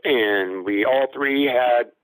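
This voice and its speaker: A man's voice: medium pitch, slow, no room sound, low-quality recording. A man telling a long personal encounter story as a guest caller, rambling, with fillers and acted-out quotes.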